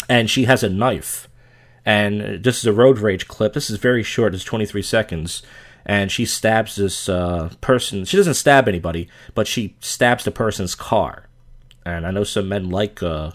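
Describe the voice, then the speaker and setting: A man from the US Mid-Atlantic hosting a show, giving blunt, crude, joking commentary on viral clips. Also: fairly low pitch. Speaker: host reacting to viral clips. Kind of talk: casual commentary.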